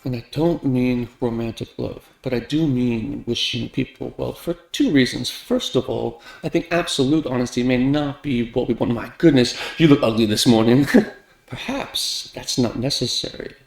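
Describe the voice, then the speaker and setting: Echoey man reciting a speech, stuttering. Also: creaky. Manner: stutters, repeating first sounds of words; lively, with big shifts in loudness and pitch for emphasis. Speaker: speaker reciting a famous talk. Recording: echoey room.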